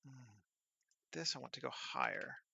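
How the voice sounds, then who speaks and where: Gravelly man muttering to himself while working. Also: medium pitch, huge pitch swings, measured pace, sharp tone, no room sound, lo-fi sound. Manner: mutters half-finished commands to himself. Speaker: 3D artist working on a scene. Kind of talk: thinking aloud while working on screen.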